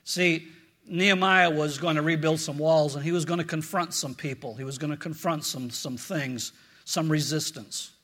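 A man preaching a sermon as a pastor, earnest and storytelling, often repeating words and dropping low and quiet for prayers. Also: steady tone, normal speed.

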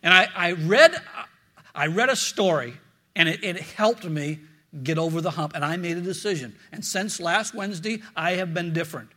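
Bright, high-voiced preaching man. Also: normal speed. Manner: earnest, storytelling, repeats words, drops low for prayers. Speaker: pastor. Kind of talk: sermon.

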